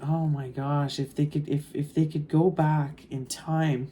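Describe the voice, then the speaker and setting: A woman doing a channeled tarot reading in a low, warm voice. She talks slowly and thoughtfully, pausing on soft fillers. A faint hiss sits under the recording. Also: flat delivery. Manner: slow, musing, with soft fillers. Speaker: tarot reader.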